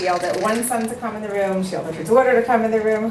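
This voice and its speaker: Woman speaker at an event, emphatic and heartfelt, mid-pitched, light room noise. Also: fairly even intonation, fast, hardly any pauses. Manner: emphatic, storytelling, repeats for effect. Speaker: matchmaker giving a speech. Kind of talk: earnest speech to an audience. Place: event hall with a live audience. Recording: echoey hall, voice picked up from a distance.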